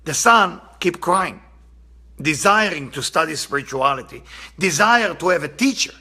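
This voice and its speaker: Gravelly, husky man teaching Kabbalah. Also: on the high side, lively intonation, normal speed, pushed and bright. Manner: earnest, impassioned, repeats for emphasis. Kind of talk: spiritual lesson with storytelling.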